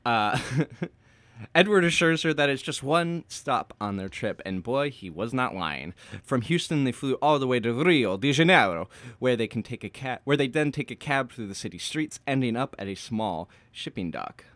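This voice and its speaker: A man's voice: medium pitch, lively intonation, normal speed, a bit bright, dry recording. A man co-hosting a podcast, recapping a novel chapter by chapter with sarcastic jokes and asides. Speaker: podcast co-host. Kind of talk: casual chat and book recap.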